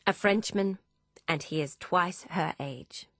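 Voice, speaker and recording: A woman narrating a novel in the first person, measured and even. Her voice sits low and is recorded close, with a dry studio sound and no room around it. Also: no room sound. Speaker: audiobook narrator.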